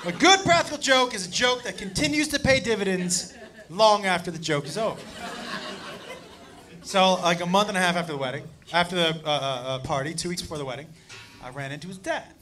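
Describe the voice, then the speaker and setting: A male stand-up comedian telling a profane story on a club stage, animated and acting out the people in it. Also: sits high, brisk, over music. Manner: animated, profane, acts out characters. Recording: noisy live club recording with loud crowd. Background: loud audience laughter.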